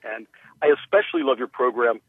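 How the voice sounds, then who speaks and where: A man's voice: mid-range voice, fairly even intonation, a little fast, breathy edge, no room sound. A man calling in to a radio show, speaking earnestly and encouragingly, with frequent uhs. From Maryland. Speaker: caller. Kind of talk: phone call to a radio show. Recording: tinny phone line.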